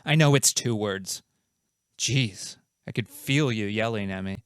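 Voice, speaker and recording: A man's voice: on the low side, normal speed, clean tone, dry recording, studio quality. A man hosting a comedic quiz show, reading out questions and answers in a playful, jokey, self-mocking way.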